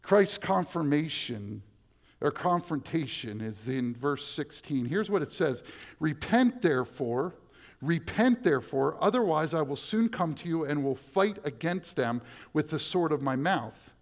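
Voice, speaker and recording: Male pastor, fairly high voice, preaches with big swings between quiet and loud. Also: animated, unhurried. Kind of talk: sermon.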